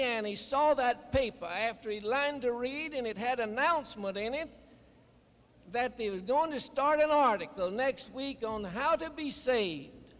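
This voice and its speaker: A man preaching a sermon, telling stories in a deliberate, emphatic way. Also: very high-pitched, a bit bright. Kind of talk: sermon address. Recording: long hall reverb.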